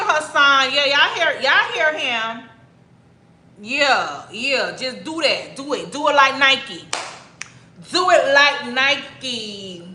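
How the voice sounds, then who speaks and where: Slow-talking bright-voiced woman streamer. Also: a little high, a little hiss or hum. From Miami. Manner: chatty, drawn-out, greets viewers by name. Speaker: livestream host. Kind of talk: casual livestream chat reading comments. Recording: echoey room.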